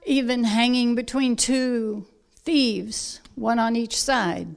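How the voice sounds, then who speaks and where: A woman preaching a sermon, emphatic and unhurried, with soft quiet asides. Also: a little high, vocal fry.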